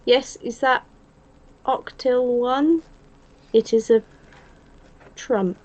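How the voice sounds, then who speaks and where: A woman's voice: fairly high pitch, extremely slow, a little mellow. A woman from England co-hosting a live watch-along in casual chat, giggling and reading out viewer comments. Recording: slightly muffled stream audio.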